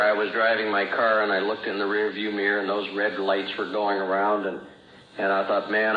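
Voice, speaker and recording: A man's voice: sits low, a little hiss or hum. A man sharing his recovery story at a meeting, plain-spoken and acting out remembered dialogue. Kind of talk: personal testimony at a recovery meeting. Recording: roomy, dull old talk recording.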